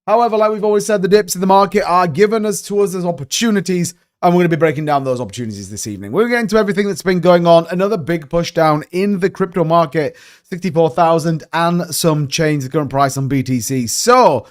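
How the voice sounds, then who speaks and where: Casting: male livestream host at his desk mic, slightly raised pitch, chatty, bouncing between hype and muttered asides. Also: quick pace. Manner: chatty, greets viewers by name, swings between upbeat and muttering. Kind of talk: casual livestream chat.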